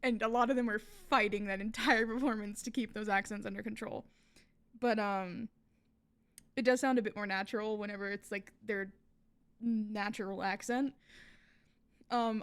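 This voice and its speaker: A woman's voice: fairly high pitch, clean tone. A woman hosting a reaction video, talking casually with lots of fillers and restarts. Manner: chatty, many fillers and restarts.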